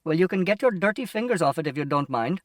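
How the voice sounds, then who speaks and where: A gruff shop owner snaps at his customer with curt, sarcastic replies, voiced by a man reading the book aloud. His lines come louder and quicker than the surrounding narration. The sound is dry and sits at a slight distance from the microphone. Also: a little high, lively intonation, no echo, close to an everyday voice. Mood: curt impatient. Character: impatient, grumpy male shopkeeper. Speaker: audiobook reader.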